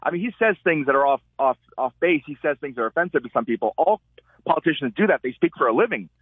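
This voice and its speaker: A man, a columnist guest, telling stories in an animated way and acting out the quotes he tells. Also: fairly high pitch, quick pace, slightly rough, no echo. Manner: animated storyteller, acts out quotes. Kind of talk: call-in commentary. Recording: tinny phone line.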